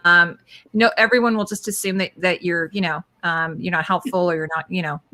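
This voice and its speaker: A woman's voice: lowish voice, fairly even intonation, a little fast, sharp tone. A woman hosting a casual livestream, chatting with guests and reading viewer comments aloud. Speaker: livestream host.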